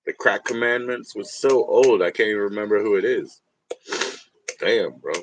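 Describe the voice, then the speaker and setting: Man, livestream host, lowish voice, rambling, profane, laughs a lot, casual chat with viewers. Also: moderate pace, noisy background.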